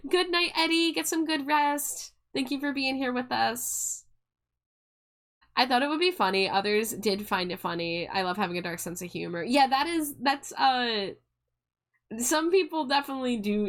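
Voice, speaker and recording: A woman's voice: fairly high pitch, lively intonation, normal speed, a bit bright. A young woman streaming live, chatting casually with viewers, giggling and restarting her phrases as she goes.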